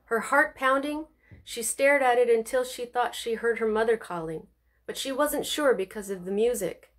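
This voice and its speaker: A woman's voice: on the high side, normal speed. A woman reading her own novel aloud, telling it expressively with suspense. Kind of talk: audiobook reading.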